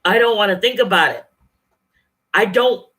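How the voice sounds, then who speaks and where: A bright, forceful voice at an ordinary pitch rambles into a camera at home. The talk is loose and unscripted, with restarts and blunt profanity. It is a casual livestream chat aimed straight at the viewers. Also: normal speed. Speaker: livestreaming vlogger. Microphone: camera or webcam, talking to viewers.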